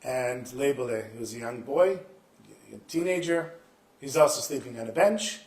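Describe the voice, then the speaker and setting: A man telling Hasidic stories to a live festival audience, acting out the characters with sudden shouted lines. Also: mid-range voice, normal speed, roomy sound. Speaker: storyteller.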